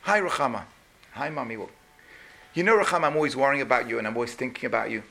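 Gravelly, bright-voiced man telling a story. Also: medium pitch, fast talker. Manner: animated, acts out each person's voice. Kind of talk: sermon storytelling.

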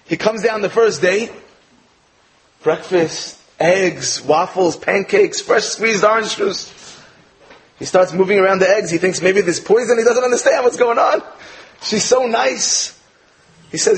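An American man giving a sermon-style Torah talk, telling a joke with animated quoted lines before turning to his lesson. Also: sits high, moderate pace, low-quality recording. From United States. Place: speaking in England.

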